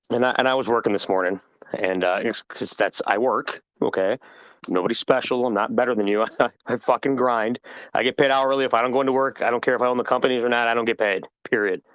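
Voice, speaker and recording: A man's voice: medium pitch, fairly bright tone, clear, resonant tone, no room sound. A man hosting an ask-me-anything, talking off the cuff in a blunt, rambling way and swearing freely. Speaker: project founder hosting an AMA. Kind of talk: casual unscripted monologue.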